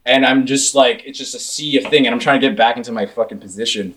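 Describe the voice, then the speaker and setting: A young man in casual chat, telling stories in a profane, animated way. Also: medium pitch, fast.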